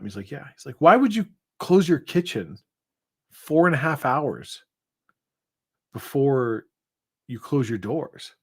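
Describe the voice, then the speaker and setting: A man co-hosting a relaxed late-night live stream, telling a meandering joke at an unhurried pace. He stops and restarts often, with plenty of filler words. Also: mid-range voice, husky. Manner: rambling, hesitant joke-telling with many fillers. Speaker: co-host. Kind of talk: casual chat.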